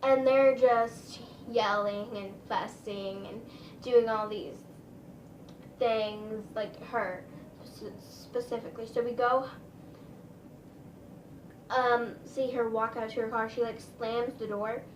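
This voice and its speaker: A woman's voice: a little high, fairly even intonation, slow, pauses often, recorded from a distance. A woman telling a story in a casual, rambling way, full of "like" and "um". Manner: chatty, rambling, lots of "like" and "um". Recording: roomy, a little off-mic, faint room noise.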